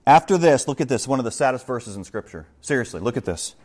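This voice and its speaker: A middle-aged man preaching a conversational verse-by-verse sermon, animated, with joking asides and acted-out quotes. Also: mid-range voice, fast talker. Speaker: pastor.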